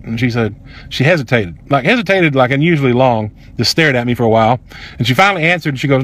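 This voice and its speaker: A man's voice: mid-range voice, lively intonation, fast talker, fairly bright tone. A man, angrily telling a personal story in a heated, profane, emphatic way. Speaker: vlogger.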